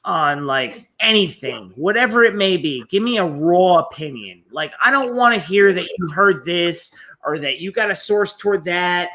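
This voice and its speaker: A man hosts a casual livestream and speaks bluntly, with plenty of cursing. His voice is bright and his pitch swings widely. He sounds relaxed and straight-talking. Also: moderate pace, few pauses. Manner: blunt, swears freely. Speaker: stream host.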